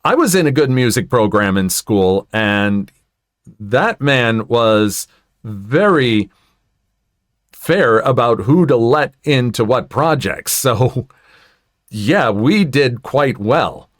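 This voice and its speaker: A man's voice: medium pitch, expressive, slow pace, no room sound, studio quality. A man reading online stories aloud and adding his own asides, telling them expressively. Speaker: story narrator.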